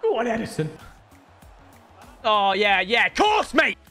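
A young man giving loud, joking commentary over a football video game, swearing often and putting on silly voices. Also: high voice, big pitch swings, unhurried, gravelly, soft background music. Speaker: gaming YouTuber. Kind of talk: energetic gameplay commentary.

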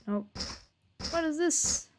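A woman's voice: high voice, animated, takes it slowly, noisy background. A young woman streaming a horror game, joking to her chat and swearing when startled. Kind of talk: horror game let's play commentary.

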